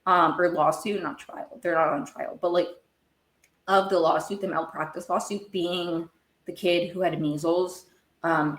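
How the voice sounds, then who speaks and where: A woman hosting a podcast, recapping a TV show in a rambling, casual way and getting worked up as she talks. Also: on the low side. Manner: rambling, gets worked up and emotional. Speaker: podcast host. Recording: echoey room.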